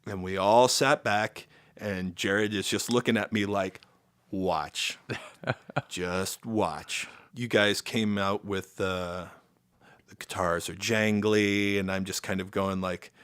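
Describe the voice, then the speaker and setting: Middle-aged american guy telling band stories, low voice, dead dry sound. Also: a little slow, clear, resonant tone, no echo. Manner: animated storyteller, acts out quotes with sudden loud jumps. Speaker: guest, band vocalist. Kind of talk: casual storytelling chat.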